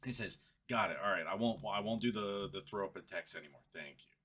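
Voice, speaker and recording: A man's voice: lowish voice, a little fast, pushed and bright. A young man recounting a frustrating chat in a casual rant, exasperated and building to laughing frustration. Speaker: vlogger. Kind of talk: casual screen-recorded rant.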